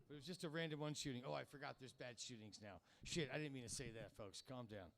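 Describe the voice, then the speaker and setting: A man's voice: medium pitch, fast, vocal fry, a bit bright, slight background noise. Rambling profane man in his fifties. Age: 50s. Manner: rambling, profane, conversational crowd work. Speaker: comedy show host. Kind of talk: stand-up comedy hosting. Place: comedy club stage.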